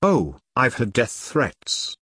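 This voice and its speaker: A man's voice: medium pitch, wildly swooping pitch, takes it slowly, sharp tone, husky, no echo, full character voice. A man voicing a fierce, one-armed woman who is an ex-soldier and activist, talking bluntly and defiantly in an audiobook. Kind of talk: audiobook character reading.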